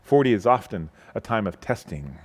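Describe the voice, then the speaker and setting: A male pastor preaching a sermon, retelling a Bible story with animated storytelling and by acting out its characters. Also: fairly low pitch, moderate pace, slightly rough.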